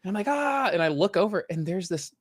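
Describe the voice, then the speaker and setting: A man in his thirties from the Southern US co-hosting a podcast, telling stories in a lively, casual way full of fillers. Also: sits high, fast talker, no room sound, clean studio sound. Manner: animated storyteller, many "like" fillers. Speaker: podcast co-host. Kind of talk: casual chat.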